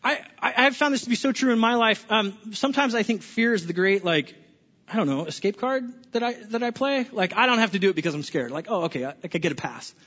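A man's voice: sits high, animated, fairly quick, fairly bright tone. A male pastor preaching a conversational sermon to a room, often restarting words and asking the listeners questions. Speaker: pastor overseeing small groups. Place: church hall with an audience. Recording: echoey hall, dull lo-fi sound.

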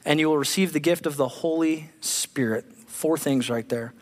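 A man, a pastor, preaching a lively sermon and acting out the voices of the figures in the story he reads. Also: on the high side. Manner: animated, acts out voices of bible figures. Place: church sanctuary. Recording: long reverb of a large hall.

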